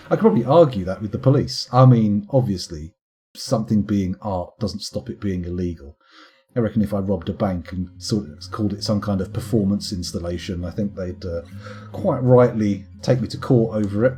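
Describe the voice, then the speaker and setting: A man's voice: lowish voice, normal speed, warm tone, slightly rough, soft background music. A man streaming a game late at night, chatting in a rambling, wry, self-mocking way to his viewers. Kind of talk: casual live-stream chat while gaming.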